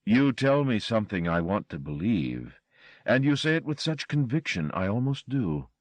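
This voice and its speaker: A man voicing a menacing, polite European stranger who speaks slowly and courteously. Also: lowish voice, big pitch swings, no echo, pitched above the performer's own voice. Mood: courteous menace. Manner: slow, courteous, quietly threatening.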